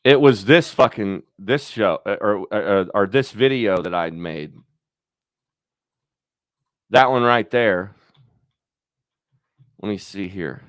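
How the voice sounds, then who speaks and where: A man's voice: lowish voice, takes it slowly, pauses often, no echo, clean studio sound. A man hosting his own channel, thinking aloud in a rambling, profane, casual chat. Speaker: YouTube channel host.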